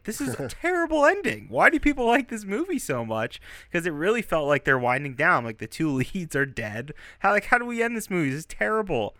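A man co-hosting a podcast in casual chat, animated and given to exaggerated mock-outraged outbursts. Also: medium pitch, dry recording, clean studio sound. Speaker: podcast co-host.

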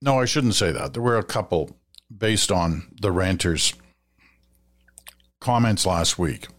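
A man hosting a listener feedback segment on radio, talking in a measured, advising way with some fillers and restarts. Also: sits low, lively intonation, a bit bright. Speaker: radio host reading listener letters. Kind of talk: conversational radio commentary.

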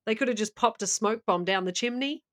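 A woman's voice: a little high, fairly quick, fairly bright tone. A woman co-hosting a podcast, telling a story in a chatty, self-mocking way. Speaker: podcast co-host. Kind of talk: casual chat and storytelling.

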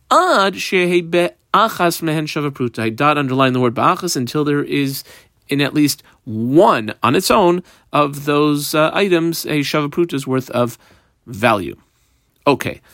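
A man's voice: medium pitch, no room sound, studio quality. A man teaching a Talmud page line by line, explaining the text while marking it up aloud.

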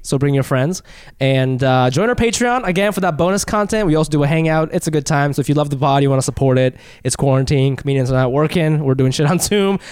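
Male podcast co-host, slightly high, smooth, dry close-mic sound; loose, jokey. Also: fast talker, hardly any pauses, a little mellow, no echo. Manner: laughs often, loose and joking. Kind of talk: casual comedy podcast chat.

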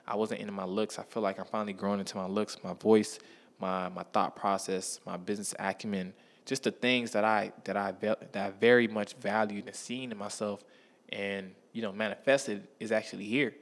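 A man's voice: lowish voice, fairly even intonation, a little fast. A man telling stories from his life in a casual, slangy monologue, often checking in with the listener. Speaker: vlogger.

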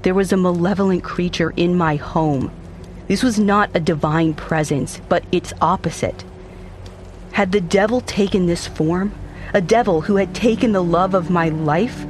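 A man narrating a dark first-person story in an intense, brooding, theatrical way. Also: high-pitched, normal speed, slight background noise.

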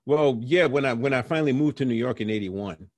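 Interviewed about his early career, a middle-aged jazz musician tells lively, conversational stories and acts out the voices of the people he quotes. He speaks briskly at medium pitch on a dry recording.

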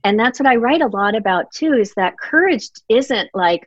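A woman's voice: on the high side, lively intonation, moderate pace, hardly any pauses, no room sound. A middle-aged woman speaks as an author guest in a reflective interview. She is earnest and heartfelt, and she often acts out the words she said at earlier times. The recording is dry and a little dull, with no room sound. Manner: earnest and heartfelt, reenacts her own past words.

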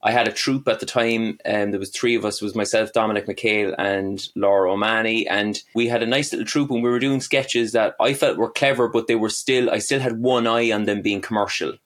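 A man's voice: lowish voice, steady tone, brisk, few pauses, fairly bright tone. A middle-aged man with a Cork Irish accent, chatting as a guest comedian, rambling and self-deprecating with lots of fillers. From Ireland. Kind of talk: casual interview chat.

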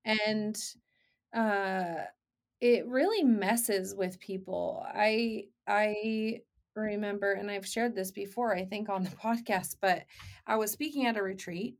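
A woman's voice: medium pitch, fairly even intonation, slow pace. A woman in her forties hosting a podcast, telling stories earnestly and asking questions. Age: 40s. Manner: earnest storytelling, quoting others. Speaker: podcast host. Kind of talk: conversational interview.

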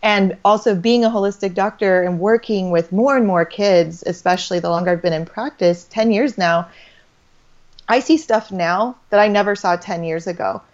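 A woman's voice: medium pitch, moderate pace. A woman in her thirties, a holistic doctor, talking in a rambling, faith-filled conversation full of restarts and trailing phrases. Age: 30s. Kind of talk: casual faith-based conversation. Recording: slightly dull lo-fi audio.

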